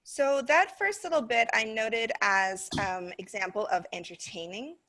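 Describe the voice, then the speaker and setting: An American woman who trains teachers talks casually over a class video, walking through the recording with plenty of fillers. Her voice is fairly high, unhurried, and sharp in tone.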